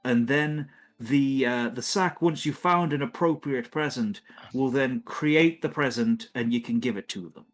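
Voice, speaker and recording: A man doing a huge, put-upon Christmas boss with enormous hands and a shaky Irish accent that keeps sliding into West Country. He is hurried, bossy and exasperated, his pitch sitting at an ordinary middle height. A faint trace of music plays behind him. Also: close to an everyday voice. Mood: harried. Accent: attempted Irish slipping into West Country.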